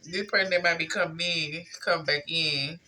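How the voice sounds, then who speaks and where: A woman giving a casual tarot reading, talking straight to her viewers in a relaxed, slangy way. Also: deep voice, normal speed. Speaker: tarot reader.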